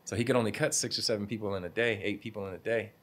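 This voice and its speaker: A young man with a very low, deep voice tells stories from his barbershop in a relaxed interview. He talks loosely with slang, laughs easily and slips into the voices of people he quotes. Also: rapid-fire. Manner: laid-back, laughing, slangy, acts out quotes. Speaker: barbershop owner, guest. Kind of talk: casual interview storytelling.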